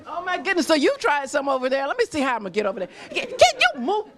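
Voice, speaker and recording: A woman's voice: high voice, very animated, very fast, background noise. A woman hosting a live stream from a restaurant, interviewing diners in a gushing, effusive way and laughing often. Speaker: roving host interviewing diners.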